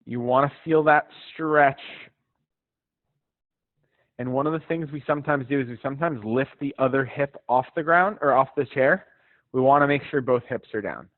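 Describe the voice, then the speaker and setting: A man leading a live stretching class, guiding breaths and counts in a relaxed, encouraging, chatty way and checking in with students by name. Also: medium pitch, normal speed, no echo. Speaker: fitness instructor. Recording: dry tinny phone-like sound.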